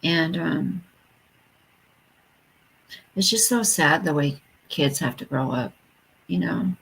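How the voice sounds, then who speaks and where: Woman streamer, low husky voice with gravel, casual chat to viewers, reads comments aloud. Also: slow pace, a bit bright, rough recording. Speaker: live stream host.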